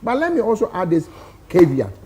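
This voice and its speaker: A man's voice: high voice, huge pitch swings, brisk, a little mellow, a little hiss or hum. A man with a Ghanaian accent arguing emphatically as a studio guest on a talk show, throwing out rhetorical questions. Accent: Ghanaian English. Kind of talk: impassioned studio debate.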